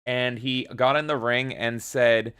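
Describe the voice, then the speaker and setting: A man's voice: mid-range voice, fairly even intonation, a little slow, sharp tone, clean tone. Male stream host, laid-back, reads chat aloud, swears casually. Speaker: livestream host.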